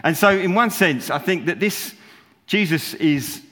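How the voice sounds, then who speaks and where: A man gives a relaxed, conversational sermon, wandering through his points with lots of "you know" and small laughs. His voice sits a touch high for a man. The sound carries the long reverb of a church hall. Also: measured pace. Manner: chatty, rambling, self-interrupting with fillers and laughs. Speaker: preacher. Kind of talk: informal sermon.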